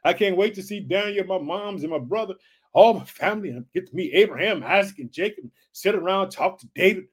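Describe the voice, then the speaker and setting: A man's voice: high-pitched, fast, slightly rough. A man in his forties from the United States, hosting a preaching podcast with a fervent, repetitive style full of calls of hallelujah.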